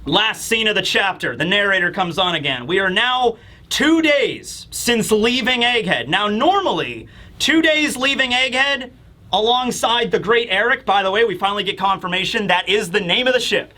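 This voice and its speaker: Man, casual comic review, rambling, high bright voice. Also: animated, moderate pace. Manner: rambling, fillers, acts out characters. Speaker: manga reviewer.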